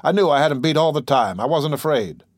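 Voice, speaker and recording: A man reading the lines of a brash horseman who brags loudly. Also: on the high side, animated, quick pace, dry recording, clean studio sound, pitched above the performer's own voice. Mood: bragging. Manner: bragging, brash. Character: boastful male horseman.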